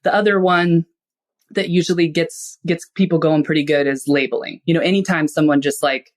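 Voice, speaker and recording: A woman with a low voice and fairly even intonation, talking a little fast, appears as a podcast guest with expertise in finance and psychology. She explains ideas casually and conversationally, acting out small everyday examples.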